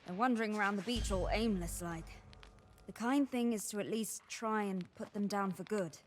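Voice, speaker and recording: A woman voicing a weary guide on a cursed island in video game dialogue, speaking in a calm, rueful, matter-of-fact way. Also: mid-range voice, moderate pace, slight background noise, lightly acted. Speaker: game character guiding the player.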